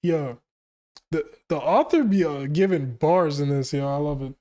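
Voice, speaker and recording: A man hosting a manga reaction video, talking casually with excited, slangy exclamations. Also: on the high side, normal speed.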